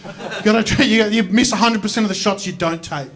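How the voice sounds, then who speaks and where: An Australian man performing stand-up comedy on stage, swinging from mumbled asides to loud outbursts. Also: high-pitched, a little fast, over a noisy crowd, very noisy. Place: stage at a live comedy show.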